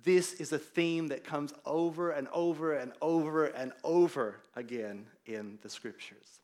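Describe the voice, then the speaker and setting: A middle-aged man, a pastor preaching a sermon and telling stories in an animated way. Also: on the high side, unhurried. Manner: animated storyteller, acts out quoted voices. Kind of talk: sermon with personal anecdote.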